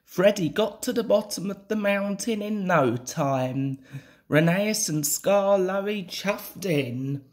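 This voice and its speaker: Guy reading a kids' picture book, slow and sing-songy. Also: high-pitched, expressive. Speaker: storybook reader.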